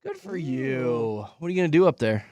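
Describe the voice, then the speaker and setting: Lively high-voiced male radio host. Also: fairly quick, vocal fry, no room sound. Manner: teasing, animated. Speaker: radio morning show host. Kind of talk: playful radio banter with callers.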